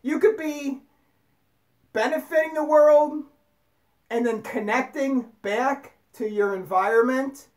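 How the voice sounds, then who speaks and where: Profane ranting woman, high voice. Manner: heavy swearing, emphatic repetition. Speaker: channel host. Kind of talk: profane spiritual rant.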